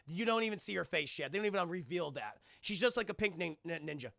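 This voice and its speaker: A man's voice: high-pitched, lively intonation, fast, creaky, pushed and bright, no room sound, studio quality. A man streaming live, recapping a film to his chat in a sarcastic, swearing, casual way and acting out the scenes.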